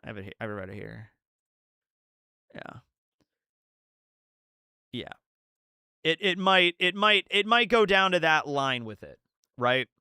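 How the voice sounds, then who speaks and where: A man on a live stream, rambling excitedly through a manga chapter breakdown, laughing often and acting out quotes. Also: a little high, unhurried, pauses often, clear, resonant tone, dry recording, clean studio sound. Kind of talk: casual live-stream commentary.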